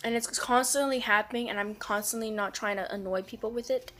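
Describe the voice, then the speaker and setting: A woman's voice: a little high, fairly even intonation, a little fast, a bit bright. A teenager with a female voice, talking in a personal confessional vlog in a subdued, hesitant, rambling way with lots of fillers and restarts. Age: teens. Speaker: vlogger.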